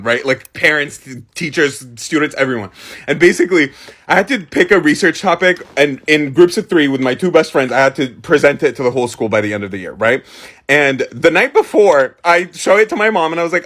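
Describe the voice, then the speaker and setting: A young man telling an embarrassing childhood story in a casual, animated way, swearing and laughing as he goes. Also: medium pitch.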